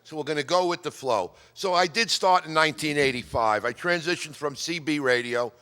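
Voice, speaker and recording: Middle-aged man from New York, chatty storyteller, bright forceful voice, long hall reverb. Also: fairly high pitch, fairly quick. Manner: chatty, digressive, anecdotal. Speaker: amateur radio presenter. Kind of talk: casual storytelling talk. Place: club meeting hall.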